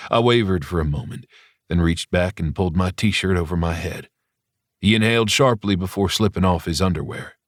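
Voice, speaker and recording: A man narrating a romance audiobook in the first person, even and unhurried. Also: low voice, no room sound, clean studio sound.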